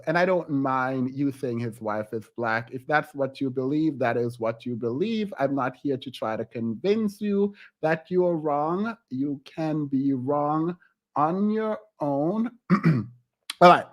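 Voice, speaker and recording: A man doing casual celebrity gossip commentary on his own channel, giggly and hesitant, often breaking off mid-sentence and starting over. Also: on the high side. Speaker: YouTube commentator.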